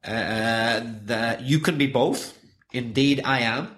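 A man's voice: medium pitch, slow pace, a bit bright. A man from Northern Ireland with a Northern Irish accent, co-hosting a casual chat and explaining things patiently with frequent fillers. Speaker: podcast co-host.

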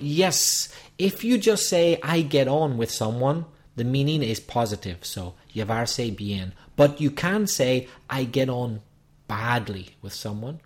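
A man co-hosting an English lesson podcast, patiently explaining meanings step by step. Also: mid-range voice. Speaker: co-host teaching English.

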